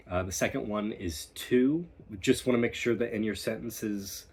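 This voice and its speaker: A man working as a dialect coach, walking students through a recorded lesson in an unhurried, explanatory way and repeating sample words so they can copy him. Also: fairly low pitch, darkish tone, husky. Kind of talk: recorded instructional walkthrough.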